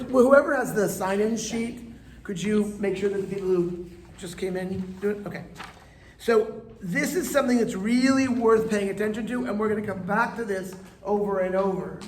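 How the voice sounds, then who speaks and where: A man's voice: high voice, normal speed, long pauses. A man, a rabbi, teaching a live classroom lesson in a chatty, playful way and coaxing his students to answer. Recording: echoey room with faint ambient noise.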